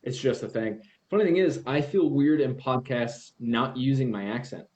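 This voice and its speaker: A young man in casual chat as a podcast guest, telling animated stories and acting out the voices he quotes. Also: medium pitch, normal speed.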